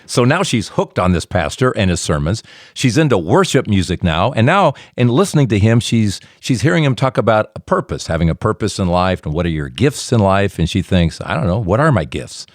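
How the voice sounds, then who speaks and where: A man's voice: on the low side, expressive, brisk, few pauses, dry recording, clean studio sound. A man hosting a faith podcast, retelling a guest's story with folksy asides. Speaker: podcast host.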